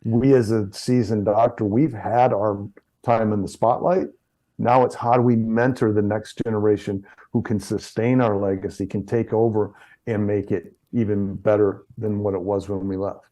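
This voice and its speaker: A man's voice: on the low side, steady tone, normal speed, dark tone. A middle-aged man, a chiropractor, talking in an interview and telling anecdotes, often repeating words and restarting sentences. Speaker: chiropractor guest. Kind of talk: interview conversation.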